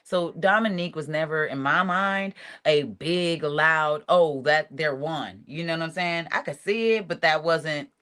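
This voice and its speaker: A woman telling a lively story, acting out what other people said. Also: deep voice, normal speed, clean tone. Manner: animated, acts out quotes of others. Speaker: reality show cast member, guest. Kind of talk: casual storytelling in an interview.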